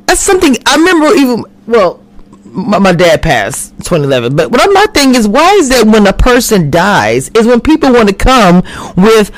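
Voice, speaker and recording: A woman giving a casual recap of a TV drama, animated and quick to act out the characters' lines. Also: mid-range voice, no room sound. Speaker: TV recap reviewer. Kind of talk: casual chat. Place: home, recording a live stream.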